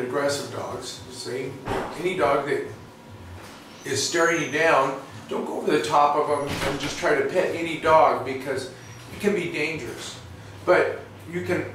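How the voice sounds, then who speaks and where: A man, a veterinarian, explaining and demonstrating in a folksy, rambling way full of restarts, recorded in a clinic exam room. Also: fairly high pitch. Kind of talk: instructional demonstration. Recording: roomy, distant, faint noise.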